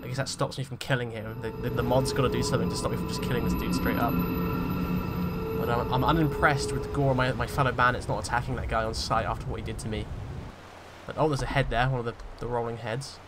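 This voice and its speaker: Groggy, monotone man narrating gameplay. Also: medium pitch, fast talker, loud music behind the voice. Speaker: gaming video host. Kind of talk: role-play game commentary.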